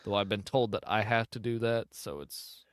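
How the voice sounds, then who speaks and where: A man's voice: lowish voice, moderate pace, clear, resonant tone, no echo, clean studio sound. A middle-aged man hosting a casual hunting podcast, rambling and often breaking off to restart his thoughts. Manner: rambling, self-interrupting. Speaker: podcast host. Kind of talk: casual chat.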